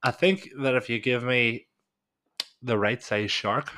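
A man's voice: mid-range voice, slow, pushed and bright, slight background noise. Northern Irish man, sweary banter. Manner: swears freely, banters and tells vivid stories. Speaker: podcast co-host. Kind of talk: casual chat.

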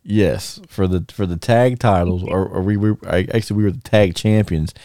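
Speaking at a normal pace in a low voice, a former wrestler on a podcast tells his old wrestling stories in a relaxed chat. He's lively, laughs frequently, and often starts his sentences over with fillers.

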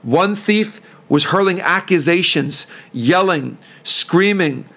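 A man's voice: high-pitched, lively intonation, slow, fairly bright tone. A man hosting a preaching podcast, fervent and earnest, who voices pleading prayers.

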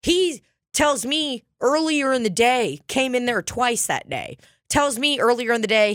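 A woman's voice: fairly high pitch, sing-song, unhurried, a bit bright, no room sound, clean studio sound. Profane ranting woman storyteller. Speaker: podcast co-host. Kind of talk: casual chat.

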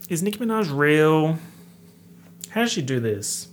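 A man in his late twenties talks through rap lyrics in a casual, excitable way. He jumps between hushed whispered asides and sudden loud outbursts of surprise. A light hiss of noise sits under his voice. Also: a little high, measured pace, pauses often. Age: late 20s. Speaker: host. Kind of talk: casual lyric breakdown commentary.

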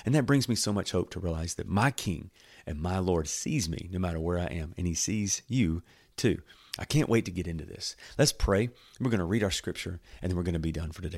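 A man with a very low voice teaches from the Bible in a relaxed, chatty way. He gets excited, jokes, and acts out little scenes as he reads scripture aloud. The sound is close and dry, with no room echo. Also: a little fast. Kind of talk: casual Bible teaching and reading.

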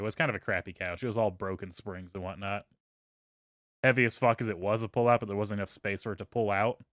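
A man hosting a podcast, telling a story in a relaxed, profane way and trailing off into quiet asides. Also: fairly low pitch, no room sound, studio quality. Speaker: podcast host. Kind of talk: casual storytelling.

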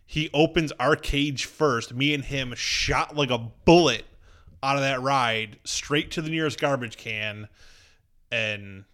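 A man's voice: medium pitch, slow, a bit bright. Young man. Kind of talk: casual chat.

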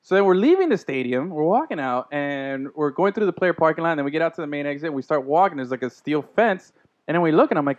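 Male podcast host, quick storyteller, lo-fi sound. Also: fairly high pitch. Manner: animated storyteller, acts out quotes. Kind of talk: casual chat.

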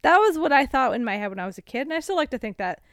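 A woman co-hosting a casual podcast, recapping a movie and acting out the characters in quick voices. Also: sits high, sing-song, a bit bright, no room sound, studio quality. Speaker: podcast co-host.

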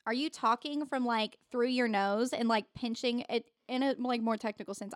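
A woman's voice: fairly high pitch, normal speed, no echo, studio quality. A trained soprano woman co-hosting a podcast, explaining things in a casual chat. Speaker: podcast co-host.

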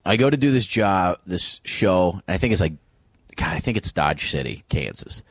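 Animated male comedian telling a story. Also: low-pitched, moderate pace, dry recording. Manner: animated, acts out voices in stories. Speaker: comedian guest. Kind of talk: storytelling interview.

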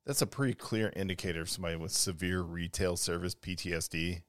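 A man's voice: low voice, quick pace, no echo, clean studio sound. A man co-hosting a podcast, joking and riffing in a casual, sarcastic way. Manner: joking, animated, sarcastic asides. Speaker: podcast co-host. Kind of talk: casual chat.

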